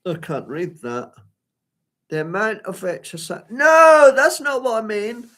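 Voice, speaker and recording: A man's voice: high-pitched, very animated, a little slow, a bit bright. A man giving a live solo performance at home, rambling and flustered as he talks to himself. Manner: rambling, flustered self-talk. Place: at home by a window.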